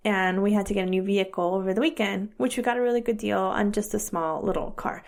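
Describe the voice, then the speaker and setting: A woman co-hosting a podcast, telling stories in a casual, animated way with lots of giggles and quoted voices. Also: medium pitch, fast. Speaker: podcast co-host. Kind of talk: casual chat.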